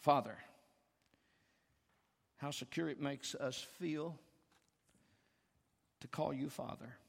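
A man preaching a sermon as pastor, slow and emphatic, building to loud calls for the congregation to repeat after him. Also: mid-range voice, creaky. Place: church sanctuary. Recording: reverberant church hall, faint guitar behind.

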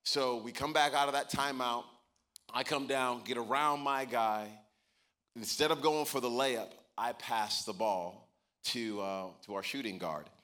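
A man's voice: medium pitch, a little slow. A man pastor giving a sermon, telling stories and building to emphatic points. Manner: storytelling, animated, building to emphatic preaching.

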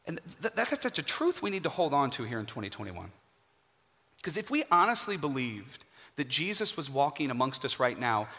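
Animated preaching man in a reverberant hall. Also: a little high. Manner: animated, emphatic preaching with dramatic pauses. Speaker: guest preacher. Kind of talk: sermon. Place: church sanctuary.

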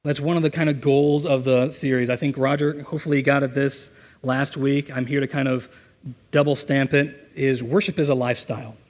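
A man preaching a sermon in a church, earnest and conversational, reading scripture and leading a prayer. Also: mid-range voice. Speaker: pastor. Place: church sanctuary. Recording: long hall reverb.

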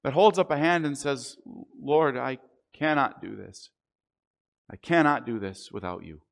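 A man preaching a sermon, earnest and deliberate, slowing down on the key phrases. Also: mid-range voice, gravelly. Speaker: pastor.

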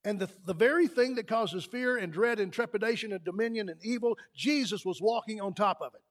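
A man preaching a sermon in a church, building to loud emphatic peaks. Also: sits high, fairly quick. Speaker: pastor. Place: church sanctuary.

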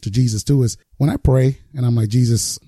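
Fast-talking man with a dark husky voice. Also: mid-range voice, fairly even intonation, no echo, studio quality. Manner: slangy, acts out quotes with laughs. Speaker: podcast co-host. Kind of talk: casual faith chat.

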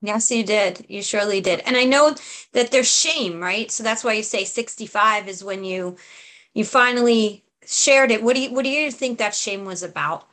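A woman's voice: medium pitch, moderate pace, fairly bright tone. Woman hosting a podcast, affirming, asks thoughtful questions. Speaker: podcast host. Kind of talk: interview.

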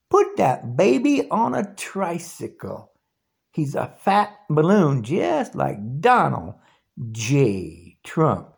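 A man's voice: high voice, vocal fry. A man in his sixties delivering an angry, taunting political rant straight to the camera. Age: 60s. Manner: ranting, taunting, challenging. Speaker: video blogger.

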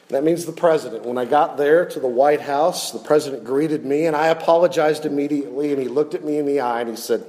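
A pastor preaching a sermon, his delivery swinging from loud, raised lines to hushed ones. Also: fairly high pitch, a little fast, hardly any pauses, poor audio.

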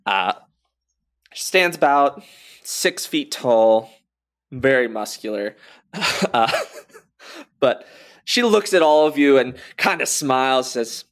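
A man narrating as game master for a tabletop game, unhurried, with frequent fillers. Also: medium pitch, animated, a bit bright.

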